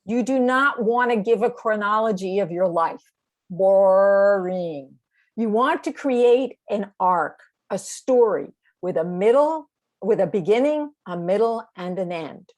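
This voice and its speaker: A woman's voice: mid-range voice, expressive, measured pace. A woman directing a speech training course over a video call, explaining assignments in an encouraging, step-by-step way. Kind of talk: online training session.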